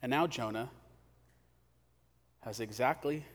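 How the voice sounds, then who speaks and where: A man preaching a sermon in a casual, animated way, acting out quotes, in a church hall. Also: mid-range voice, takes it slowly. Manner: conversational, animated, acts out quotes. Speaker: pastor. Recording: long hall reverb.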